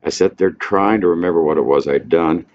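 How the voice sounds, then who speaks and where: A man voicing a calm, rueful Southern outlaw with a folksy drawl, read aloud on a dull lo-fi recording. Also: low-pitched, fairly quick, natural voice. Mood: calm confessional. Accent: American Southern. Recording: dull lo-fi recording, faint hiss.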